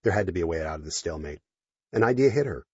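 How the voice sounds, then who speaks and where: Husky male audiobook narrator. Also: sits low, rapid-fire, no echo. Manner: expressive, storytelling. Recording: dry, dull lo-fi audio.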